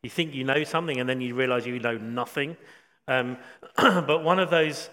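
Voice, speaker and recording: A man preaching a sermon, reflective, with frequent pauses and restatements. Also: mid-range voice, bright, forceful tone. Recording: long hall reverb.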